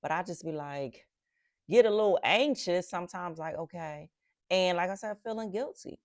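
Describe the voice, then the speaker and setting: Woman, middle-aged, from Philadelphia, podcast host, faith reflection, animated storyteller, lowish voice, dry close sound. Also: moderate pace, dry recording. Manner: animated storytelling with emphatic repetitions.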